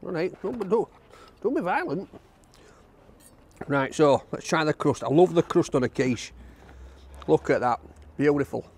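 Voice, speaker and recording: A man with a slightly high voice chats to the camera as he reviews a takeaway outdoors, gushing over each bite. He talks in an enthusiastic, easygoing way, and there is a faint hiss of background noise. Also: animated, unhurried, pauses often, a little mellow. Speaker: food reviewer. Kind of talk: casual food review to camera.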